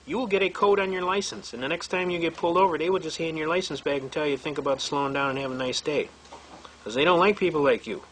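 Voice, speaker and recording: A man's voice: on the high side, fairly bright tone, slightly rough. A man teaching a seminar, telling courtroom stories in a folksy, blunt way and acting out the people he quotes. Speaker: seminar instructor. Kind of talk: lecture told through courtroom anecdotes.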